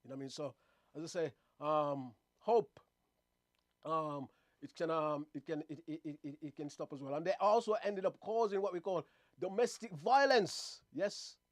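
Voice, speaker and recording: A man with a high-pitched voice hosts a casual talk monologue. He rambles, circles back and repeats words as he goes. The sound is dry and close, with no room echo. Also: normal speed. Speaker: host.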